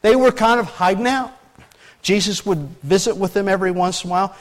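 High-voiced male pastor, folksy. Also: a little fast. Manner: folksy, asks the congregation rhetorical questions. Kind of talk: conversational sermon.

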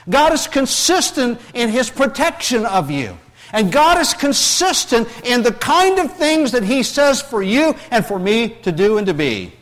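A middle-aged male pastor preaching a sermon, often repeating words and restarting phrases, moving between hushed, tender passages and raised, emphatic scripture reading. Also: high voice, in a large hall.

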